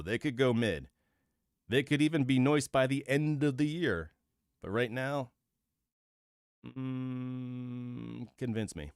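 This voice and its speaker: A man talks through his opinions in a low, smooth, resonant voice. He thinks aloud in a casual solo commentary, with fillers and restarts. The sound is dry and close. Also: no echo. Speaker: host of a football channel.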